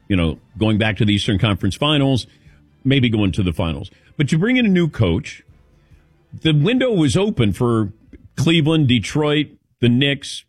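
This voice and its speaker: A man's voice: medium pitch, no room sound. A man hosting a sports talk radio show, chatting casually and rambling with lots of fillers. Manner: lively, rambling with many fillers. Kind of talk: casual radio chat taking calls.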